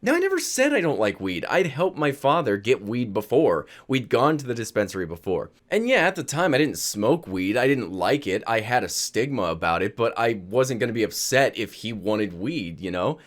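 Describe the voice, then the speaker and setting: Guy telling a wild story about his dad, lively voice, laughs a lot. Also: medium pitch, normal speed, few pauses. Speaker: vlogger. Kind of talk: storytime vlog.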